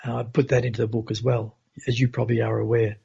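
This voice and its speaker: A man who is a podcast guest, recounting a personal spiritual experience in an earnest, unhurried way on a dull, lo-fi recording. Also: medium pitch, flat delivery, vocal fry, mellow, breathy edge.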